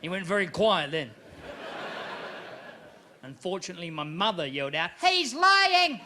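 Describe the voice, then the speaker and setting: Australian male stand-up, high bright voice, animated, faint crowd noise from a live venue. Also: normal speed. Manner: animated, jumps into loud character voices. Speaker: stand-up comedian. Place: comedy club stage.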